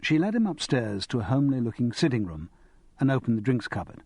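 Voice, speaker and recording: A man narrating an audiobook in a wry, expressive manner. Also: mid-range voice, a little fast, breathy edge, no room sound.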